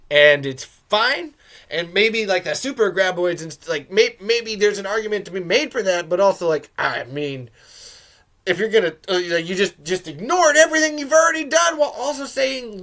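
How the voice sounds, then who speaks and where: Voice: mid-range voice, a bit bright. A host giving casual, sarcastic commentary over a film, ranting, swearing often and trailing off.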